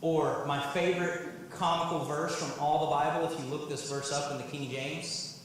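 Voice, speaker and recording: Excitable high-voiced pastor preaching. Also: male voice, normal speed, noisy background. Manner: excitable, voice jumps high when moved. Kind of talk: sermon. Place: church sanctuary. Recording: echoey church sanctuary with music. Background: band playing.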